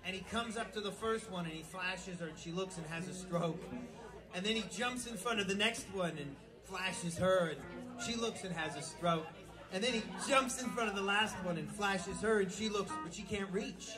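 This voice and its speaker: A man's voice: sits high, normal speed, music in the background. A man doing live stand-up, telling dirty jokes in a rambling way with stumbling restarts and chuckles between lines. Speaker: stand-up comedian. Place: live music venue. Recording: live club recording with audience noise.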